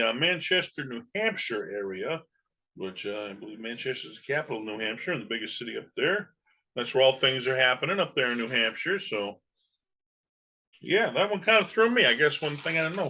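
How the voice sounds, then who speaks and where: A man's voice: mid-range voice, bright, forceful tone, dull audio. A man from New England hosting a podcast, talking casually and rambling with many fillers. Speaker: podcast host. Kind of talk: casual solo podcast talk.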